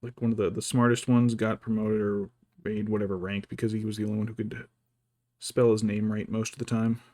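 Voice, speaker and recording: A man's voice: on the low side, little pitch movement, fairly quick, dark tone, dry recording, clean studio sound. A man chatting casually as he paints miniatures, thinking aloud and muttering to himself. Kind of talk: casual chat while working.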